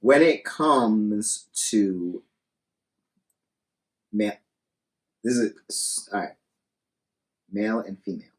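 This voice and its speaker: A man's voice: lowish voice, lively intonation, slow, pauses often. A man co-hosting a casual podcast. He speaks bluntly and swears a lot, and he acts out hypothetical arguments. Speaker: podcast co-host. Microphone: studio podcast mic.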